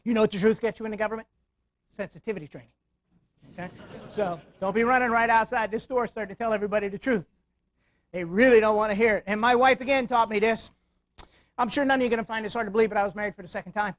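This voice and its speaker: A man's voice: high-pitched, fast talker. A middle-aged man gives a humorous security talk to a room full of people, racing through his lines. He tells stories with lots of energy and keeps asking the crowd rhetorical questions. The sound is dry and close, with little room echo. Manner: animated storytelling, rhetorical questions to audience. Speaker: security awareness speaker. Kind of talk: live lecture with humor. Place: meeting room before live audience.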